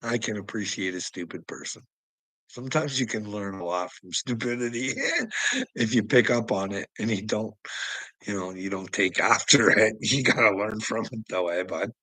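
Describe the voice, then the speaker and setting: A man's voice: on the low side, moderate pace, bright, forceful tone, no echo, poor audio. A Canadian man with a Canadian accent hosting a livestream, ranting casually at his chat in a crude way, swearing often and laughing between remarks. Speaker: livestream host. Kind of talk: casual rant answering chat.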